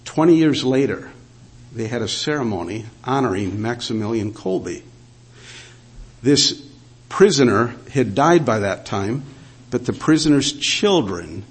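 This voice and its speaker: Male pastor, husky voice, mid pitch, earnest sermon delivery with scripture readings. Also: lively intonation, measured pace. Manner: earnest preaching with frequent "uh" and "um", reading scripture aloud.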